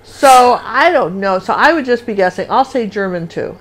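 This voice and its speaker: A woman's voice: a little high, expressive, moderate pace. Chatty woman teaching a live painting class. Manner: chatty, rambling, sings little "do do" rhythms while drawing. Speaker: painting instructor and show host. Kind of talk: live painting lesson with casual chat.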